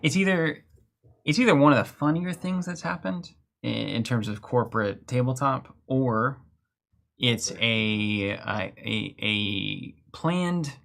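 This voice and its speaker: A man co-hosting a tabletop card game stream in a loose, joking way. His voice sits in a middle pitch range. He talks plainly and casually. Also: slow pace, vocal fry, a bit bright. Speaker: co-host. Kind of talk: casual chat.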